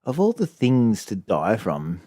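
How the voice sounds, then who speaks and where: A man's voice: on the low side, wildly swooping pitch, unhurried, mellow, no room sound, clean studio sound. An Australian man co-hosting a casual podcast, talking in a laid-back, rambling way. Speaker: podcast co-host. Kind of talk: casual chat.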